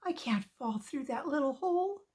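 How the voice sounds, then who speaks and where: A woman voicing a big, proud male lion who grumbles in a lowered voice. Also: animated, moderate pace, darkish tone.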